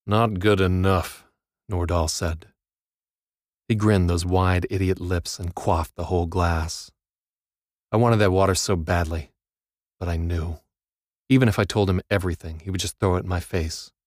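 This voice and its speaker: Man reading a dark audiobook, really low voice, dry close mic, grim and wry. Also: no room sound. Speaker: narrator. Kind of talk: first-person audiobook narration.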